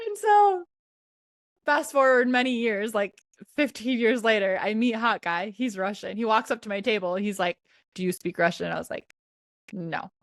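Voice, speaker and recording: A woman's voice: on the high side, normal speed, no room sound, clean studio sound. A woman in her thirties hosting a podcast, telling stories in a chatty, giggly way over a video call. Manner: chatty storyteller, animated quoting, giggly. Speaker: podcast host. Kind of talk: casual chat.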